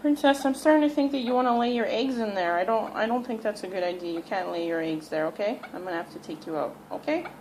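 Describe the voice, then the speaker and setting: A woman's voice: mid-range voice, quick pace, hardly any pauses, darkish tone, slight background noise, poor audio. A woman at home talking to her pet parrots and narrating, often cooing in baby talk to them. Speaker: pet vlogger.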